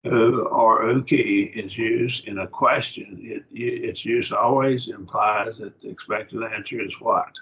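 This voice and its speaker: A low-voiced man gives a slow-paced Greek grammar lesson over a lo-fi, dull-sounding video call, asking his class questions along the way. His tone is steady, and there is slight background noise.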